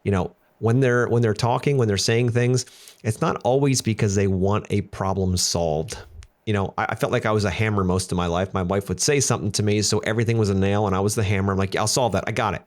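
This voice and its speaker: Man, podcast host, quick talker, lowish voice, candid joking storyteller. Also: steady tone. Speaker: podcast host and business owner. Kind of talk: casual podcast chat.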